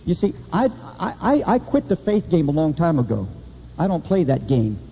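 A middle-aged man preaching a sermon with impassioned delivery that swings between high and low emphasis. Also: very animated, moderate pace, creaky, breathy edge. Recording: dull lo-fi recording in a reverberant hall.

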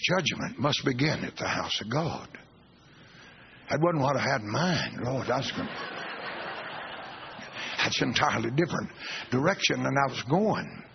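A man preaching, telling a story from his own ministry with animated testimony and quoted dialogue. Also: mid-range voice, moderate pace, gravelly, long pauses, a little hiss or hum. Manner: animated testimony, quoting God and others. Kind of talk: sermon storytelling. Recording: dull lo-fi recording.

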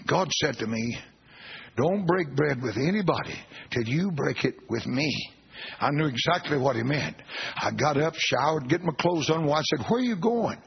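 Husky preacher man telling a story. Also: on the high side, normal speed. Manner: animated testimony, quoting God and others. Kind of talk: sermon storytelling. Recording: dull lo-fi recording.

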